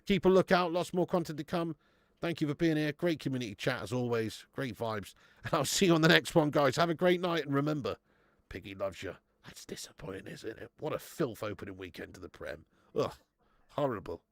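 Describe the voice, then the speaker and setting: A man's voice: a little high, expressive, a little fast, gravelly, no echo. Chatty man hosting a stream. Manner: chatty, swears freely, shouts out viewers by name. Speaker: live stream host. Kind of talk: casual live watch-along chat. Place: home.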